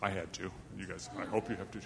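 A man's voice: low voice, fairly even intonation, quick pace, creaky, big-room sound, noisy background. A man telling a fable to a young live audience in a chatty, self-deprecating way, with asides to his listeners. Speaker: storyteller.

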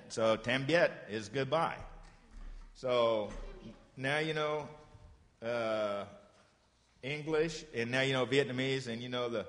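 A man teaches a group of children with a patient, encouraging voice at an ordinary middle pitch. He slowly repeats short phrases so they can echo them. The sound carries a long reverb from the room. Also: fairly bright tone. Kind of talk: classroom lesson for children.

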